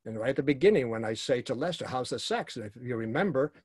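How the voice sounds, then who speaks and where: A man's voice: medium pitch, lively intonation, fast talker, a little mellow, slightly rough, no echo, clean studio sound. A man teaching a workshop to actors and directors, speaking emphatically and repeating his key phrases.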